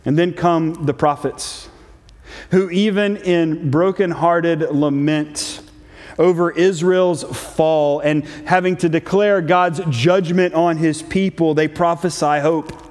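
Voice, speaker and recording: A man preaching at an unhurried, deliberate pace, his voice pitched a little high. His sermon carries a solemn, measured weight as he reads scripture and leans on key phrases. A long reverb trails after his words, as in a large hall. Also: fairly even intonation, darkish tone.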